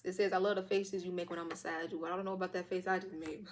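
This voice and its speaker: Young woman, tarot reader, rapid speech, slightly hoarse, casual and profane. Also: fairly low pitch, background noise. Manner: fast, loose and profane, with lively quoted asides.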